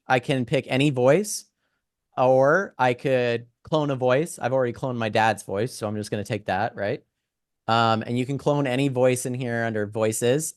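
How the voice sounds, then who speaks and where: Chatty young man teaching software. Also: mid-range voice, clean tone, no room sound, clean studio sound. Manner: chatty, lots of "right?" and "um". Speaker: instructor demonstrating AI tools. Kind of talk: casual screen-share tutorial.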